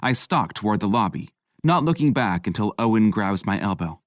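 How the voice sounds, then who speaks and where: A man narrating a romance audiobook in a low, intimate, measured voice. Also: lively intonation, no echo. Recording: dry close studio mic.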